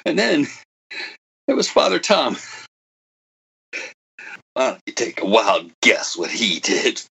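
A man's voice: medium pitch, huge pitch swings, takes it slowly, vocal fry, pauses often, bright, forceful tone, husky, exaggerated voice. An actor playing a bitter old man who was once a computer prodigy, delivering a dramatic monologue that swings from wry to anguished. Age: older.

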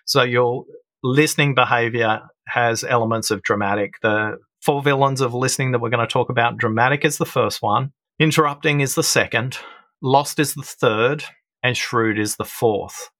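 Middle-aged male guest, explanatory storyteller, average pitch, dry close sound. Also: sharp tone, no echo. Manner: storytelling, explanatory, acts out quoted voices. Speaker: guest, listening expert. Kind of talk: conversational interview.

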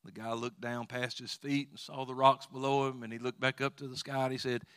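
A man's voice: medium pitch, little pitch movement, brisk, clean tone, no echo. Folksy preaching man, dry sound. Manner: folksy storytelling with plain asides; swells to loud exhortation when leading praise. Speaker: pastor. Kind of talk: sermon. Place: church.

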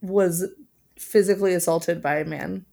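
A woman co-hosting a podcast in casual chat, animated and exasperated, swearing freely. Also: on the low side, normal speed, gravelly. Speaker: podcast co-host.

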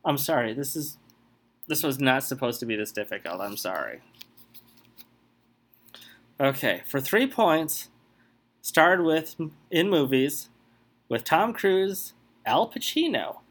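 A man on a comedy podcast running a movie quiz game, talking in an animated way with exasperated outbursts. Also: fairly high pitch, unhurried.

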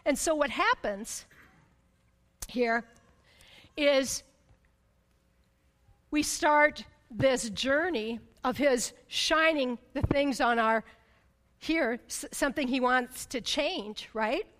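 A woman preaching in a sermon, her voice sitting high and ringing with long reverb from a big hall. She tells a personal story and keeps checking in with "right?". She moves between emphatic, loud passages and hushed, intense ones. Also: takes it slowly, pauses often.

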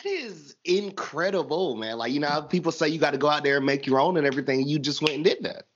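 A man with a Southern US accent, hosting a podcast in casual, slangy chat. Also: a little high. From American South. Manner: animated, slangy, drawn-out phrasing. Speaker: podcast host. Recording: dull lo-fi audio.

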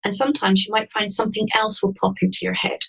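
Calm, husky-voiced woman explaining gently. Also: mid-range voice, fast talker, low-quality recording. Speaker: EFT practitioner guest. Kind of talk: guided instruction in an interview.

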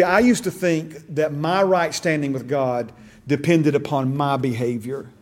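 Leading a church discipleship class, a middle-aged man speaks in a mellow, mid-range voice. His delivery is fervent and repetitive; he restarts lines, says things again, and keeps asking "okay?".

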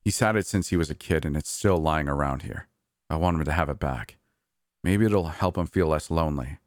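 A man's voice: rumbling low, fairly quick, dry recording. A man voicing a guarded middle-aged park manager who speaks dryly and bluntly. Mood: grave. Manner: dry, quiet, blunt.

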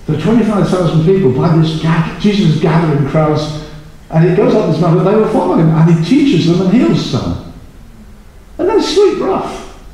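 A male preacher with a high, mellow voice tells his stories with animated energy. He slips into quoted voices to act out the people in them. He is heard from a distance, with heavy hall echo around him. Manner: animated storytelling, acting out the disciples in quoted voices. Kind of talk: sermon. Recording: echoey hall recorded from far off.

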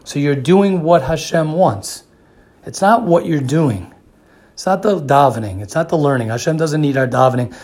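A man's voice: on the high side, lively intonation, normal speed, darkish tone. A man giving a sermon who repeats phrases for emphasis and often restarts his sentences. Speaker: religious speaker.

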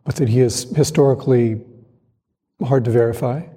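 A male Zen teacher gives a dharma talk in a husky, mellow, medium-pitched voice, calm and reflective, measured with pauses. A long hall reverb surrounds his speech.

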